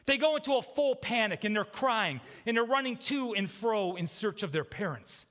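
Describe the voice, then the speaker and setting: A man delivers a sermon with a high voice that swings widely in pitch. He talks to the congregation in a loose, conversational way and keeps tossing in quick checks like "okay?" and "right?". His voice carries a long, trailing church reverb. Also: lively intonation, a bit bright. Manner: conversational preaching with frequent "okay?" and "right?" asides. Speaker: pastor. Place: church sanctuary.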